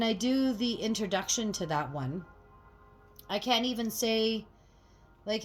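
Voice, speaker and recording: Slow-talking woman chatting while getting ready. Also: mid-range voice, soft background music. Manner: chatty, swears freely, animated when annoyed. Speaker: tarot reader and channel host. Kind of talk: casual get-ready-with-me chat.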